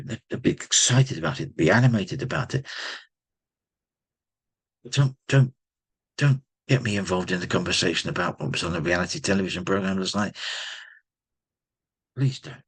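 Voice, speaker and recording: A man's voice: sits low, breathy edge. A man hosting a podcast, talking bluntly and emphatically in a personal monologue. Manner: blunt, emphatic, repeats himself. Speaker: podcast host.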